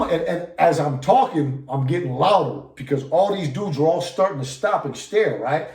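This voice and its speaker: A man from California tells a story in heavy street slang and plenty of swearing, acting out the people in it and checking in with the listener again and again. His voice sits a little high for a man. The room around him rings with echo. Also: animated, fairly quick, hardly any pauses, darkish tone. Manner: profane street slang, constant "you know what I'm saying"; acts out quoted dialogue. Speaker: podcast guest. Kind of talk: casual storytelling. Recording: roomy echo.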